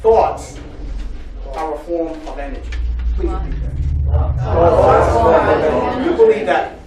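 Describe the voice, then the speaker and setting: Energetic man leading a hall audience. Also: on the high side, normal speed, a crowd in the background. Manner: energetic, jokey, call-and-response. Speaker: psychotherapist giving a talk. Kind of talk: live motivational presentation. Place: large public library hall. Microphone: far from the mic. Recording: echoey hall from far off. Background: audience responding.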